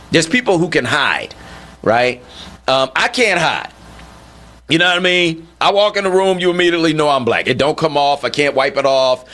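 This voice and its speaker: Male radio talk host, animated, bright tone, emphatic rhetorical questions. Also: a little high. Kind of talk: call-in radio commentary.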